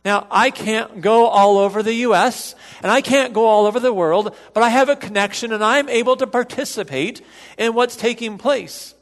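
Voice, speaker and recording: A man preaching a sermon to a church congregation, in an earnest, measured way with emphatic repetition. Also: sits high, in a large hall. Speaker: pastor. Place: church sanctuary.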